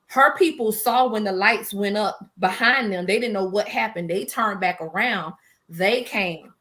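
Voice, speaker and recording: Woman, forties, interview guest, emotional storytelling, animated, mid-range pitch. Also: unhurried. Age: 40s. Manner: animated and emotional, quotes herself, laughs between hard memories. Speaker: small business owner, interview guest. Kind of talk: personal storytelling in a casual interview.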